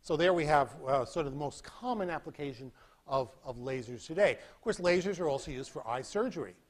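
A man giving a university physics lecture in a hall, animated and demonstrating with sound effects. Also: on the high side, brisk. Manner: animated, acts out beeping sounds and demonstrates with props. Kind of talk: classroom lecture.

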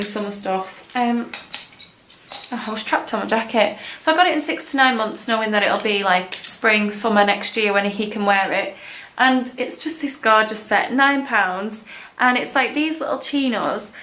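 A woman's voice: a little high, pushed and bright. Gushing young woman, echoey room. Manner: chatty, gushing, many likes and ums. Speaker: vlogger. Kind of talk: casual haul chat.

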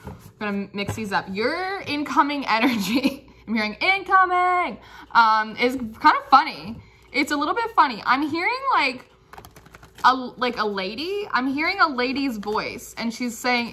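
A woman's voice: high-pitched, big pitch swings, measured pace, sharp tone. A woman giving a casual tarot reading, chatty and playful, often laughing and breaking into song. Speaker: tarot reader.

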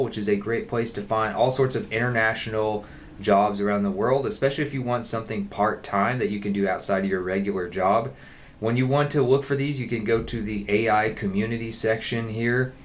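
Casting: man, fairly low voice, casual vlog host walking through a job posting. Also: fairly even intonation, brisk. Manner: reads job listing aloud, then explains it. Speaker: online jobs vlogger. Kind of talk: casual screen-share walkthrough.

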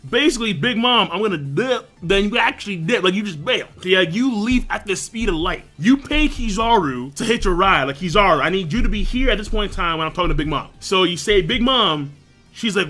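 A young man with a high voice hosts a live manga reaction, reading the panels aloud and responding with crude jokes and loud exclamations.

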